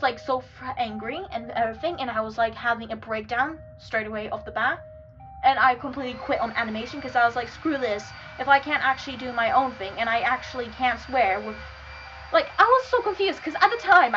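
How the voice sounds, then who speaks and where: A woman's voice: sits high, a bit bright, muffled recording. A young adult woman chatting casually and rambling off on tangents as she browses and draws. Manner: rambling, easily sidetracked, chatty. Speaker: streamer chatting while drawing. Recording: clear background music.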